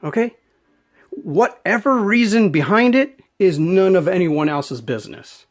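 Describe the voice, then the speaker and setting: A man's voice: high-pitched, animated, measured pace. A man ranting unscripted to camera as a knife vlogger, emphatic and rambling, often repeating his words. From Canada.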